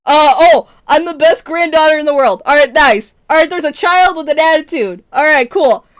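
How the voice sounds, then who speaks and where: A woman streamer in casual livestream chat, ranting with lots of swearing and breaking into laughter, loud enough to peak the mic. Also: high-pitched, normal speed, dry recording, clean studio sound. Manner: profane exasperated ranting, often breaking into laughter.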